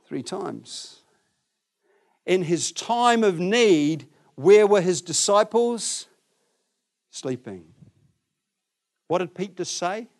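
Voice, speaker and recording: Male preacher, casual sermon, animated, quite high voice, loud and soft in turns. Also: very slow, pauses often. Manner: animated, swings between loud and quiet, asks the listeners questions. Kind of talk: conversational sermon.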